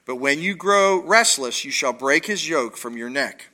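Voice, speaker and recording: A grave old father pronouncing a blessing over his son, as a man reads him aloud. The delivery is hushed and deliberate, with a slightly tense, bright tone. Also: fairly high pitch, lively intonation. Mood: solemn.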